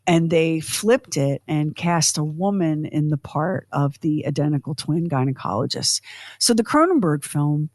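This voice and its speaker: A woman's voice: low-pitched, animated, unhurried, a little mellow, dry recording. A woman hosting a podcast, talking in a chatty, rambling, self-deprecating way. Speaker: podcast host. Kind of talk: casual chat.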